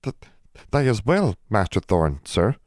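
A man's voice: on the low side, expressive, moderate pace, darkish tone, no room sound, clean studio sound, pitched above the performer's own voice, lightly acted. A man voicing a timid, servile female house elf who stammers and talks in broken grammar for a storybook reading.

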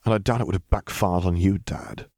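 A man's voice: low voice, fairly quick, vocal fry, a little mellow, no echo, clean studio sound. A man reading as a cold defiant young son. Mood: icy defiant. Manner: cold, clipped retorts.

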